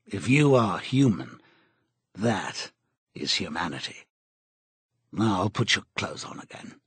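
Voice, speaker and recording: Casting: a man playing a cold, menacing interrogator with a husky voice, read dry and close. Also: low voice, big pitch swings, a bit bright, no echo, voice pushed down, exaggerated voice. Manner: cold, measured, contemptuous. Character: cold menacing male interrogator, middle-aged. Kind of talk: audiobook character reading.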